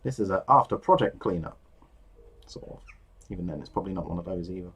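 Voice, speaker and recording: Hunched over his desk crafting, a man who paints miniatures keeps up a casual, rambling commentary in a low, gravelly voice, quick-paced and animated. He cracks jokes and swears and mutters to himself, and a little hiss or hum runs through the audio.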